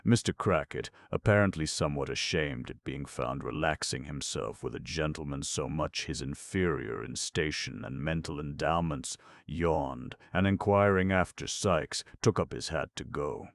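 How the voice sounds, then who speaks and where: A man reading a classic novel aloud as audiobook narrator, in measured, steady storytelling. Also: extremely low pitch, creaky, no room sound. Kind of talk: scripted narration.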